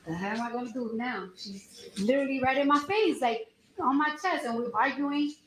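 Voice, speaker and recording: A woman testifying as a witness, retelling events in a lively, slangy way with acted-out quotes. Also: high voice, a little fast. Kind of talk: courtroom testimony, storytelling. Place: echoey courtroom. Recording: echoey courtroom with faint noise.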